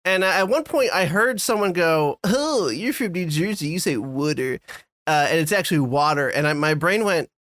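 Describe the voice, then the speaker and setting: A man's voice: high voice, animated, fairly quick, hardly any pauses, fairly bright tone, no echo. A man co-hosting a podcast, telling a rambling, self-deprecating story in casual chat with frequent restarts. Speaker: podcast co-host.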